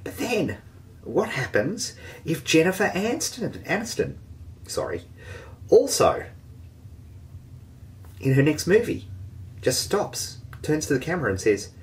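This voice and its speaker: A man teaching an online marketing lesson, energetic and jokey, poking fun at himself. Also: high voice, measured pace, long pauses. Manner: energetic, jokey and self-mocking. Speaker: online marketing course host.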